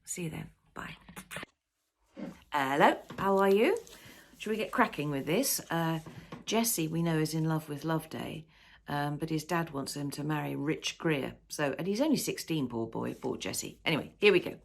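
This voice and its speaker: A woman author reading her own novel aloud in an unhurried storybook style, chatting easily between chapters. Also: low voice, creaky. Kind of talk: storybook narration.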